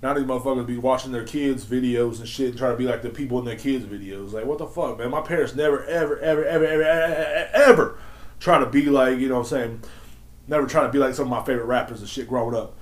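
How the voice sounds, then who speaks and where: A man's voice: medium pitch, fairly even intonation, fast talker, reverberant. A man in his thirties hosting a solo podcast, ranting in a swaggering, slangy, profane and mocking way. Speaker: podcast host.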